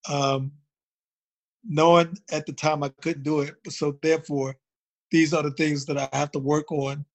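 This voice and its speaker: A man from Baltimore chats casually as a guest, his voice sitting a little high for a man. He tells his stories in a loose, rambling way and keeps reaching for "you know" as he goes. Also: little pitch movement, a little slow. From Baltimore, United States. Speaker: drummer, guest. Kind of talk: casual interview chat.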